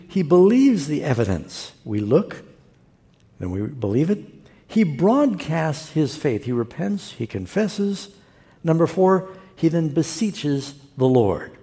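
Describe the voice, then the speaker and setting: Preaching man in an echoing hall. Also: medium pitch. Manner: animated preaching with acted-out quotes. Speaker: pastor. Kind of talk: sermon. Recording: long reverb of a large hall.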